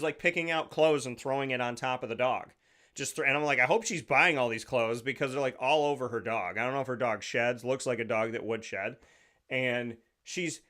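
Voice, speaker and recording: A man's voice: mid-range voice, a bit bright. Male show host, casual monologue, digressive and jokey, mid-range voice, studio mic. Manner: rambling, digressive, jokey storytelling. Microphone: studio microphone.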